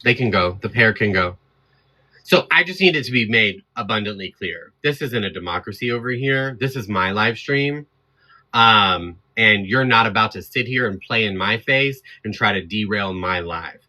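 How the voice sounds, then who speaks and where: A man on his own livestream, ranting at his chat with a bright, forceful voice. He sounds fired up and defiant, standing his ground and talking straight to the viewers. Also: fairly low pitch, lively intonation, moderate pace. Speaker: livestream host. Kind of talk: heated livestream rant to chat.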